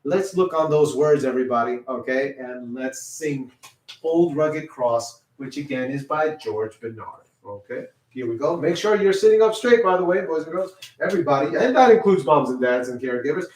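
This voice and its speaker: A man leading a children's music class, guiding warm-up stretches and often checking in with "okay?". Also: medium pitch, normal speed, far from the mic. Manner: encouraging, repeats "okay?" often. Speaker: music teacher. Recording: roomy sound from away from the mic.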